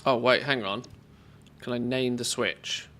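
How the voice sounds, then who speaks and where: A man's voice: medium pitch, fairly even intonation, measured pace, a bit bright, slight background noise. A man streaming a game live, thinking aloud and chatting casually with his viewers. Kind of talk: casual live-stream commentary while playing.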